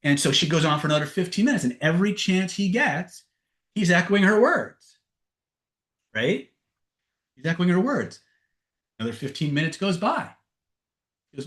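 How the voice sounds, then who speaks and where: A man's voice: on the high side, sing-song, a little fast, long pauses, fairly bright tone. Guy running a webinar, tells stories and does the voices, keeps saying right?. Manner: storytelling, acts out dialogue, frequent "right?" tags. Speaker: seminar trainer. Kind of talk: live webinar teaching with anecdotes. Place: online webinar.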